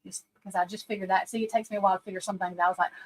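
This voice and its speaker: A woman's voice: mid-range voice, level tone, racing, poor audio. A woman psychic card reader talking casually on a livestream, rambling and emphatic, speaking straight to her listeners.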